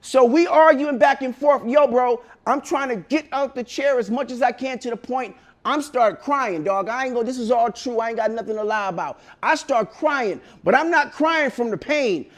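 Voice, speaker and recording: A man with a very high voice tells a personal story casually. He talks in slang, swears freely and jumps into loud shouts when the story peaks. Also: normal speed, hardly any pauses. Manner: animated, swearing, bursts into shouts.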